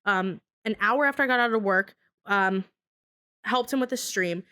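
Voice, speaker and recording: A woman telling a story in casual podcast chat, animated and laughing often, swearing freely. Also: mid-range voice, normal speed. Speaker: podcast guest.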